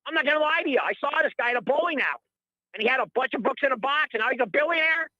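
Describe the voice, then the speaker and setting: A man's voice: extremely high pitch, expressive, very fast, no room sound, dull audio. A middle-aged man calling in to a radio show, ranting in a heated, rambling, indignant way and repeating himself. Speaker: caller. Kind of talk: heated call-in rant.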